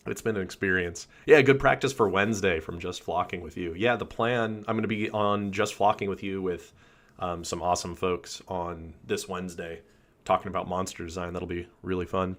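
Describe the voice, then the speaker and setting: A man hosting a casual live stream, chatting and greeting viewers by name, his voice a little rough. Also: sits low, steady tone, normal speed. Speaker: channel host.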